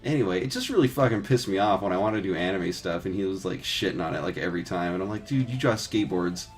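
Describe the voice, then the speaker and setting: A 3D artist in his thirties streams his texturing work, chatting casually while painting textures live. His voice sits low and he talks at a quick pace, rambling with lots of filler words, swearing and laughing easily, with faint music behind him.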